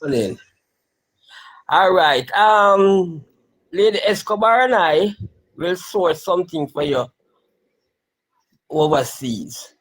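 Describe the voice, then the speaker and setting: A man with a husky, fairly high voice, speaking easily and a little haltingly. He sounds relaxed and offhand. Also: rough recording. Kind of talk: casual chat.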